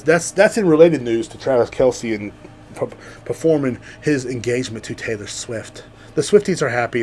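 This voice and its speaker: A man riffs alone on his podcast in a loose, profane comedic monologue. He lurches from loud, excited bursts to half-swallowed mutters. His voice sits at an ordinary middle pitch, with a faint hum behind it. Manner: rambling, profane, swings between loud outbursts and mutters. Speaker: podcast host.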